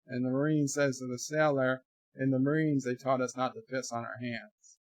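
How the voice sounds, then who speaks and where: Here a US livestream host chats from his bedroom at a moderate pace in a medium-pitched voice, captured in a dry recording. He goes through viewer comments with jokes, rambling and animated side remarks.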